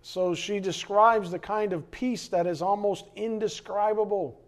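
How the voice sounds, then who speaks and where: A middle-aged pastor delivers his sermon in a lively, conversational way, full of asides to the listeners. His voice sits a little on the high side for a man. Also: a little slow. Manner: animated and conversational, with frequent asides.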